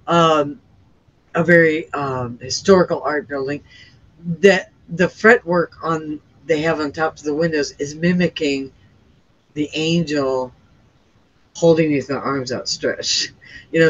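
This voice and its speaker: A woman's voice: sits low, muffled recording. A woman guest giving an earnest, rambling account in conversation, restarting her sentences and using plenty of fillers. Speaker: interview guest sharing a near-death experience.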